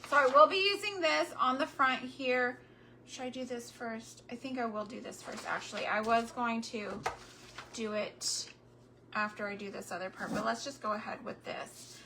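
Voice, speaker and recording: A woman's voice: fairly high pitch, fairly even intonation, normal speed, background noise. A woman chatting casually with her viewers while crafting, tender and a little sentimental, often speaking straight to them. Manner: talks directly to viewers.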